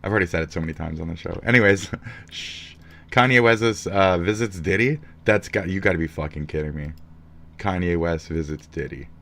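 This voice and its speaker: A man's voice: sits low, a little fast, creaky, a bit bright, slight background noise. A man streaming live, ranting in a rambling, heated and profane way.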